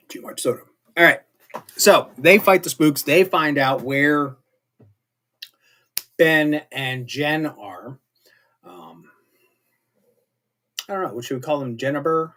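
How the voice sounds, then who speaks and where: A man's voice: on the high side, measured pace, pauses often, pushed and bright. A man casually recapping TV episodes as a show host, chatty and rambling with jokey asides. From not British.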